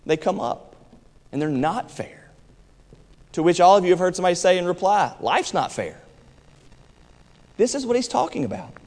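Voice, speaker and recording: Pastor guy preaching, fairly high voice, slows way down to hit points then rushes asides, big reverby church sound. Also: darkish tone. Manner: emphatic preaching, swings between quick asides and slow stressed phrases. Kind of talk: sermon. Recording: hall reverb.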